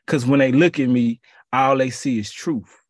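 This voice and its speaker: Husky man preaching in casual slang. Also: medium pitch, moderate pace, no room sound, clean studio sound. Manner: conversational, slangy, repeats phrases. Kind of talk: casual sermon.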